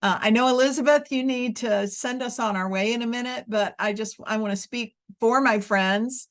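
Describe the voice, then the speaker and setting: A woman's voice: fairly high pitch, normal speed. A woman leading a teacher webinar over a video call, encouraging and speaking with filler words. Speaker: webinar faculty leader. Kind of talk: warm wrap-up of a teacher webinar.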